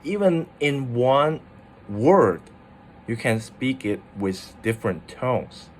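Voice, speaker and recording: A man's voice: medium pitch, big pitch swings, slow pace, a little hiss or hum. A young man who is a native Chinese speaker gives a casual, chatty video lesson on tones, laughing often and playing with his voice. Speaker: Chinese tutor.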